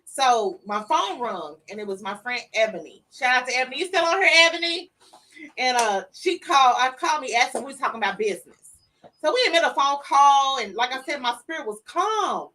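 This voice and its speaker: A middle-aged woman, an interview guest in a studio, tells an emotional story and acts out the voices of the people in it. Her high-pitched voice moves a little fast. The mic is distant and the audio is poor.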